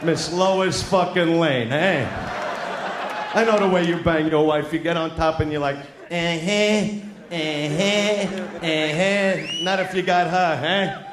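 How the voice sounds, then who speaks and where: A man doing a crude stand-up routine in front of a live audience. He is loud and brash, taunts people in the crowd and often shouts. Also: fairly high pitch, normal speed. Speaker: stand-up comedian. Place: large live venue with an audience. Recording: echoey live show with crowd noise.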